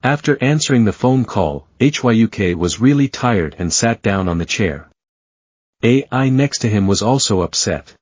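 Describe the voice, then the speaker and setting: A man reads a story recap in a steady, even narration. His voice sits low with a husky edge. The recording is dull and dry, with no room sound. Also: normal speed, no echo.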